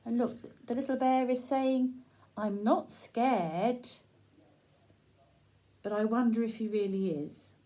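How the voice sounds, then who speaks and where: A woman reading a children's picture book aloud, gentle and sing-song, pausing to ask the young listener questions. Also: a little high. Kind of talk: children's read-aloud storytelling.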